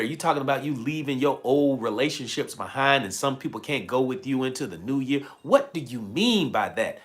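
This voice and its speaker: A man's voice: medium pitch, lively intonation, moderate pace, few pauses. A man coaching a livestream audience, emphatic, repeating lines and thanking viewers by name. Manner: emphatic, repeats phrases, reads viewer comments aloud. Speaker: life coach. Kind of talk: livestream motivational talk. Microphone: handheld mic.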